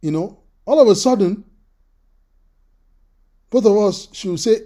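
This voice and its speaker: Preacher, male, high pitch, mellow tone, lively storytelling delivery. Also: a little slow. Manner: animated, repeats words, acts out quoted voices. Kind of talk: sermon with personal storytelling.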